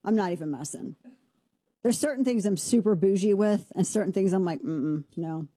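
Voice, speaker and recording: A woman hosting a talk show, giving a brash, sarcastic and animated opinion monologue. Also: mid-range voice, brisk, dry recording, studio quality. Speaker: radio talk show host.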